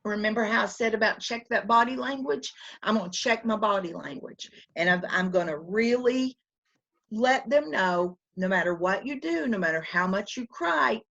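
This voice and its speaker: A woman's voice: medium pitch, lively intonation, moderate pace, creaky, fairly bright tone. A woman presenter giving conversational teaching advice on a video call, emphatic and repeating phrases for stress. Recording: dull lo-fi webinar audio.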